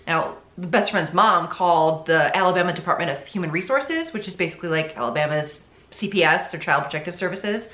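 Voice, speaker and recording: A young woman hosts a podcast, telling a true-crime story casually and chattily, full of "like" and sarcastic asides. Her lowish voice has a fairly bright tone, recorded with a roomy echo.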